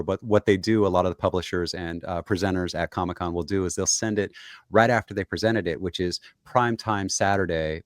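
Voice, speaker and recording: A man's voice: sits low, no room sound, clean studio sound. A man co-hosting a podcast, explaining things at length in casual chat over a video call. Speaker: podcast co-host, comics editor.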